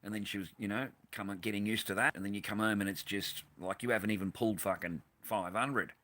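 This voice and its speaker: A man's voice: on the low side, steady tone, fast, sharp tone. Blunt, swearing Australian man streaming. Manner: blunt, rambling, swears freely; reads and answers live chat. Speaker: livestream host. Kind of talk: casual livestream chat.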